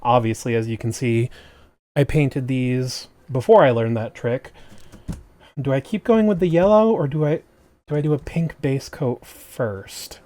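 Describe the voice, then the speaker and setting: A man's voice: mid-range voice, a little slow, mellow. A man livestreaming while painting miniatures, chatting casually and jokingly with viewers, often trailing off mid-sentence, at a desk microphone. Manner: chatty and jokey, trails off and restarts. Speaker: streamer. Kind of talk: casual chat with stream viewers.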